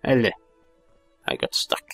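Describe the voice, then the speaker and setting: A man's voice: measured pace, fairly bright tone, no room sound, faint music behind, close to an everyday voice. A man voicing a small, playful and mysterious female fairy. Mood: coy.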